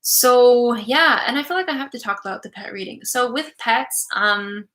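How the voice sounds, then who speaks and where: Bright, giggly young woman. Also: on the high side, normal speed. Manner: chatty, giggly, many fillers. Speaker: psychic reader hosting a live stream. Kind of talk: casual live-stream reading.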